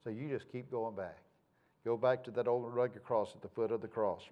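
A man's voice: mid-range voice, steady tone, normal speed, dull audio. A male pastor, preaching in a folksy, conversational way with homespun sayings. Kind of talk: sermon.

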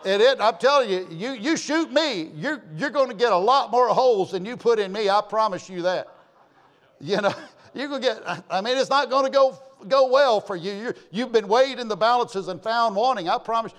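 A pastor, a man, telling a folksy, animated story in a sermon and acting out the people in it. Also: high-pitched, moderate pace.

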